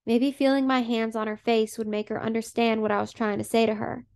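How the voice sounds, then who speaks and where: A woman reads an audiobook in a measured, plain way. Her voice is slightly high with a gravelly texture. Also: flat delivery, a little mellow. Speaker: audiobook narrator. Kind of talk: audiobook narration.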